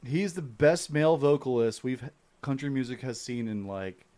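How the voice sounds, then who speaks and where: A man's voice: mid-range voice, lively intonation, normal speed, mellow. A man co-hosting a podcast, chatting casually and emphatically, swearing often. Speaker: podcast co-host. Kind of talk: casual chat.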